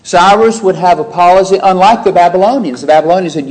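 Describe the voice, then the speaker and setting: A man with a fairly high voice preaches through a Bible passage verse by verse. He lifts his voice sharply whenever he quotes scripture, then drops back to a steady teaching tone and poses rhetorical questions to his listeners. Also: fast, poor audio. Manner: emphatic, rising sharply when quoting scripture. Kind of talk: expository sermon.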